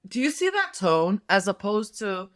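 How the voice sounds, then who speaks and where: A woman's voice: medium pitch, sing-song, normal speed. A middle-aged woman doing a tarot reading, talking casually in a rambling way with many fillers and restarts. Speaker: tarot reader and nurse health coach.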